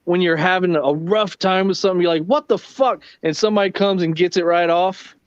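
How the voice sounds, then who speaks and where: Brief: slightly high-pitched man, easygoing and profane, chatting on a livestream; dull, dry close-mic sound. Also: steady tone, a little fast, clear, resonant tone, dry recording. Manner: laid-back, profane storytelling. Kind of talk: casual late-night livestream chat.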